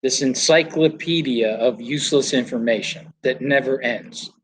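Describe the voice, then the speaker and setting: A man's voice: medium pitch, normal speed, breathy edge, low-quality recording. An older man, a flooring trainer, chatting casually and telling stories about the trade with quoted voices. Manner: storytelling with quoted voices and laughs. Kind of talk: casual chat.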